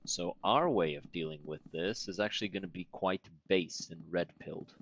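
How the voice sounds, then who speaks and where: A man giving casual, wry commentary while playing a video game, with deadpan jokes and frequent fillers. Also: sits low, moderate pace, lo-fi sound, slight background noise. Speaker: gaming streamer. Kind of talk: casual let's play commentary.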